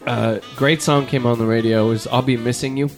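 A man hosting a podcast in casual chat, rambling and self-deprecating, quick to make a joke of himself. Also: medium pitch, steady tone, faint music behind. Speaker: podcast host.

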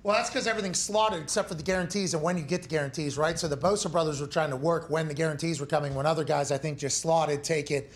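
A man hosting a sports talk show, telling stories in a profane, animated way. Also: a little high, fast, hardly any pauses. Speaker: show host.

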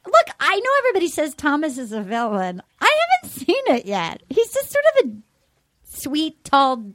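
Woman host, bright high register, swoops all over, cracks up, impersonates people mid-story. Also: moderate pace, dry recording, clean studio sound. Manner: animated, profane, acts out cast members' lines in mock voices. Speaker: podcast host recapping a dating show. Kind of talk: casual comedic recap.

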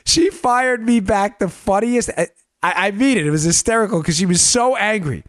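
A man's voice: high voice, lively intonation, normal speed, no echo, studio quality. Emphatic fired-up podcast host man. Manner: emphatic, punchy, fired-up rhetorical questions. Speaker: podcast host, former federal agent. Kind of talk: political commentary show.

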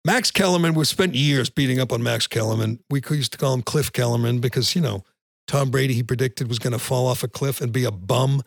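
Gravelly, blunt podcast host man. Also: mid-range voice, fairly quick, no echo, clean studio sound. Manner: blunt, ranting, repeats words when starting sentences. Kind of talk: opinionated sports talk.

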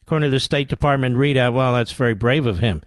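A man's voice: medium pitch, fast, no room sound. A man hosting a political talk radio show, delivering combative, mocking commentary.

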